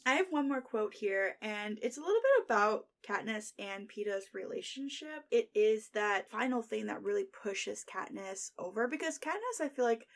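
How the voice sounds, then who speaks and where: A woman's voice: medium pitch, lively intonation, normal speed, hardly any pauses. A young adult woman hosting a book podcast, chatting casually, laughing often and reading quotes aloud. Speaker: podcast host.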